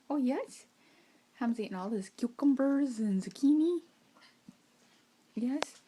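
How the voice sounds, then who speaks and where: A woman at home cooing at her pet parrots in baby talk, her voice sing-song and gently doting. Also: high-pitched. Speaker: pet owner.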